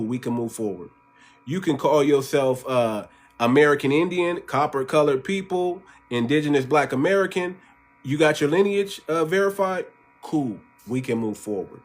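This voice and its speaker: A man hosting a livestream and talking straight to his viewers, calling them family. He is emphatic and preachy, and he hammers his points home by repeating them. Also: medium pitch. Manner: emphatic and repetitive, preaching to the audience; addresses listeners as family. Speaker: channel host. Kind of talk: livestream commentary.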